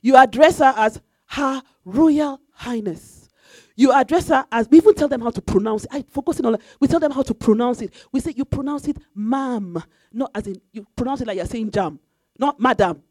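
A woman's voice: sits high, a little fast, darkish tone, no room sound. A woman preaching a sermon in an emphatic, repetitive way, now and then breaking into sung phrases. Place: church.

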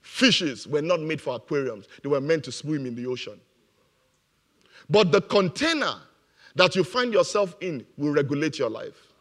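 A man's voice: a little high, expressive, moderate pace, fairly bright tone. A man preaching a motivational sermon, emphatic and repeating his key phrases, laughing now and then at his own jokes.

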